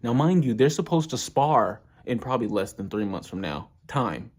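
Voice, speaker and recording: A man casually recapping an anime episode, telling it with animated slang. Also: mid-range voice, moderate pace.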